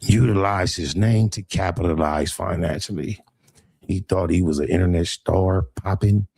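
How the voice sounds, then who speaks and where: A man's voice: deep voice, moderate pace, creaky, darkish tone, husky, no room sound. A man, ranting on a livestream to his viewers. He talks in streetwise slang, mocks and taunts, and slips into sing-song rhyming jabs. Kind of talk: heated livestream rant.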